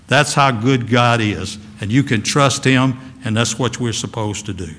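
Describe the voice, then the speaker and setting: A man's voice: medium pitch, moderate pace, few pauses, a bit bright, in a large hall. A male pastor preaching a sermon in a folksy, emphatic way.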